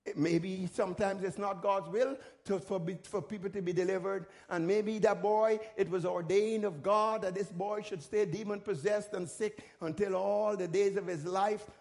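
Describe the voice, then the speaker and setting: A man's voice: high-pitched, steady tone, normal speed, vocal fry, hardly any pauses, darkish tone. A middle-aged male pastor preaching a sermon, repeating phrases and checking in with the congregation. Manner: repeats words in restarts, calls out to the congregation.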